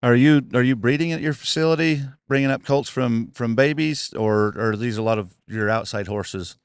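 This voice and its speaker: A man's voice: medium pitch, normal speed, clear, resonant tone, no echo, clean studio sound. A man interviewing a guest, upbeat and friendly, often repeating his first words.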